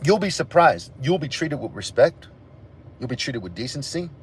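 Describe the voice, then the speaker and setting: A man's voice: mid-range voice, very animated, normal speed, a little hiss or hum. A man hosting a livestream, ranting angrily and profanely at his chat. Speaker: livestream host. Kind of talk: angry livestream rant to chat.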